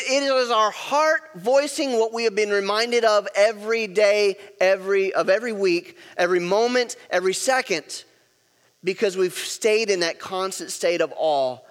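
A man's voice: fairly high pitch, in a large hall. A pastor preaching a sermon, emphatic and repeating key words, leading his congregation to say lines back.

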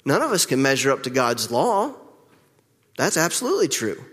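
A middle-aged male pastor preaching a candid, reflective sermon with pauses, heard with the long reverb of a church hall. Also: medium pitch, sing-song, fairly bright tone, slightly rough. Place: church sanctuary.

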